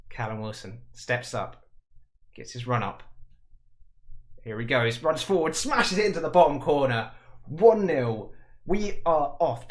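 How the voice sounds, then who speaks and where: Man, football game commentary, excitable, jokey, voice cracking. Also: mid-range voice. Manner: excitable, swells to shouts at goals; chatty, jokey asides.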